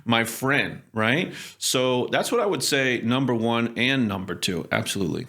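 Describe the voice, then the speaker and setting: A man's voice: medium pitch, normal speed. Emphatic man coaching on sales. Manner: emphatic, repeats "okay?" for emphasis; acts out sales calls in lively put-on voices. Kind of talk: conversational advice on a podcast.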